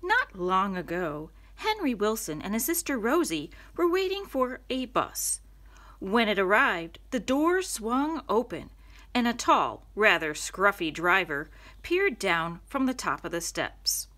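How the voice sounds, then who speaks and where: With a medium-pitched voice and measured pace, a woman performs a children's storybook for young listeners in an expressive, storytelling style.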